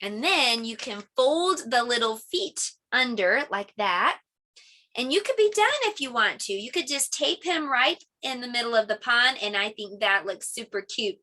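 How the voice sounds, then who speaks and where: A middle-aged woman leads a preschool craft and story lesson in a gentle, sing-song manner. Her voice is bright and fairly high, swinging widely in pitch. She speaks slowly and clearly for young children. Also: expressive. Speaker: preschool teacher.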